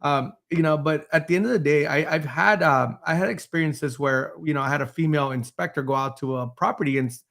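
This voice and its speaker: A man's voice: on the high side, a little fast, vocal fry, few pauses, a bit bright. Rambling man in a panel talk. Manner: rambling, many restarts, laughing. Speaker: host, building official. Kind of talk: panel discussion.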